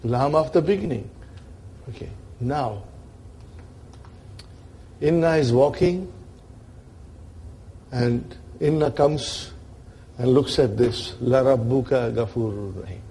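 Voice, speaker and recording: A man's voice: medium pitch, takes it slowly, creaky, long pauses, warm tone. A man teaching an Arabic grammar class in lecture style, often checking in with his listeners.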